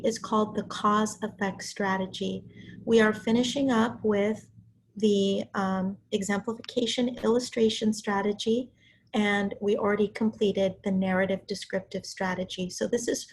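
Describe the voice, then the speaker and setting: A middle-aged woman, hoarse and raspy from illness, giving a college writing lecture over a video call. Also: mid-range voice, a little mellow. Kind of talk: online class lecture. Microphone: computer mic on a video call.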